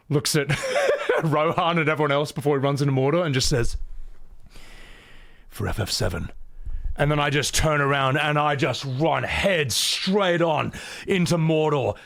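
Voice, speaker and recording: A man's voice: on the high side, fairly bright tone. A man in his thirties chatting casually and animatedly on a live game stream, laughing often. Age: 30s.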